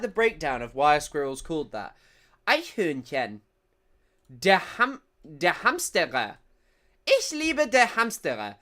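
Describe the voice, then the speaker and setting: A man's voice: high voice, sharp tone. A man doing casual livestream news commentary, rambling and jokey, laughing often and reading chat comments aloud.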